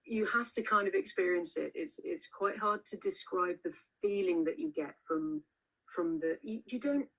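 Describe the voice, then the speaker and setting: A woman's voice: mid-range voice, big pitch swings, moderate pace, gravelly, a bit bright, poor audio. A woman author being interviewed over a video call, telling stories in a chatty way with many restarts and fillers. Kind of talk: casual interview chat.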